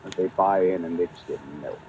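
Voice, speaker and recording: A man's voice: low voice, brisk, darkish tone, lo-fi sound, slight background noise. A man in a casual group chat, blunt and crude, talking in trader slang.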